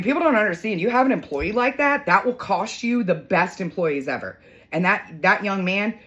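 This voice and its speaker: A middle-aged woman chatting on her morning vlog, venting in a blunt, cussing, storytelling way. Her voice sits a little low but swings widely up and down as she gets worked up. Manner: blunt, profane, animated storytelling. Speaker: vlogger. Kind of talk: casual morning vlog rant.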